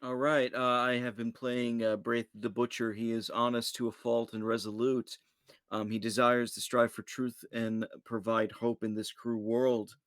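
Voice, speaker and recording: A man's voice: mid-range voice, level tone, unhurried, a bit bright, dry recording, clean studio sound. A man playing in a tabletop role-playing game, talking hesitantly with many fillers. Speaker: player. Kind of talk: casual play over voice chat.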